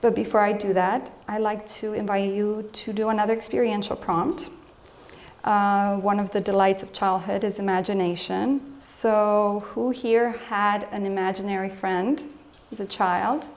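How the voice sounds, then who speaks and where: A woman's voice: medium pitch, little pitch movement, measured pace. A woman emotional health coach giving a live lecture, talking conversationally and putting questions to the audience. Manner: acts out scolding voices in quotes.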